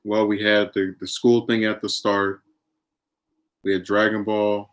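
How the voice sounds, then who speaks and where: A man's voice: lowish voice, level tone, a little slow. A man streaming, chatting casually and arguing his opinions while reacting to his chat. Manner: opinionated, argumentative.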